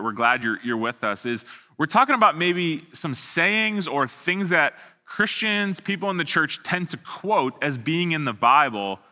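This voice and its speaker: Student pastor, thirties, man; very bright, forward tone; easygoing, joking sermon delivery with a long echo trailing each line. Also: mid-range voice. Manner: casual, self-deprecating, frequent restarts. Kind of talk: online sermon. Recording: long hall reverb.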